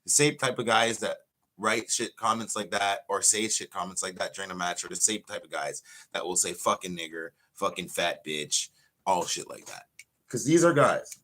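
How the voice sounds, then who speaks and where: Pro wrestler, male, blunt and foul-mouthed, bright edge to a lowish voice. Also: lively intonation, moderate pace. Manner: profane, blunt storytelling. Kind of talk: casual livestream rant.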